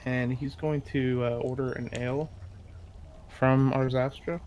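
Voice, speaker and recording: A man's voice: mid-range voice, little pitch movement, a little slow, darkish tone, a little hiss or hum. A man playing a tabletop role-playing game, talking in a hesitant way full of ums and restarts as he describes what his character does. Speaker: player.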